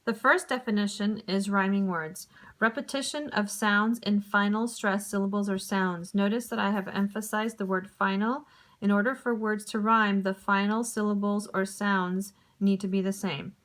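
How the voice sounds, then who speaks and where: A woman teacher giving a recorded lesson to young pupils, speaking clearly and deliberately. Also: medium pitch.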